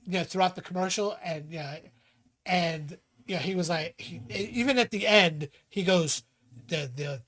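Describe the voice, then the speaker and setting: A male co-host on a podcast talks at a moderate pace with a voice that sits high. His casual chat is full of animated storytelling, acted-out quotes, and frequent laughs.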